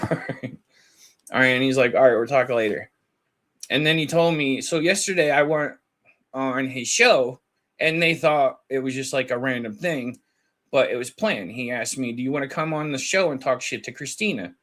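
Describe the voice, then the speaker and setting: A man's voice: medium pitch, normal speed, fairly bright tone. A man hosting a casual commentary video, chatting and laughing as he retells online drama and quotes both sides of a chat. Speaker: commentary channel host.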